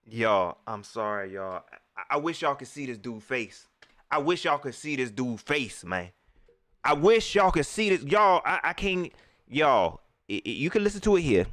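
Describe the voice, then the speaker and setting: A young man is hosting a live postgame stream in a dry, close setting, with almost no echo. his voice sits high for a man and swings all over the place. he rants in heated, slangy bursts, keeps repeating himself, and mocks the quotes he is reacting to. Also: a bit bright. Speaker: livestream host. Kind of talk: animated postgame reaction talk.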